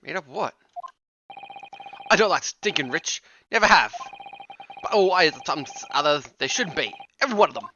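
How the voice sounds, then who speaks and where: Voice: mid-range voice, very animated, racing, bright, forceful tone, slight background noise. A streamer doing a grumbling juror. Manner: blunt and grumbling. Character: gruff grudging male juror. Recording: muffled, with game music behind.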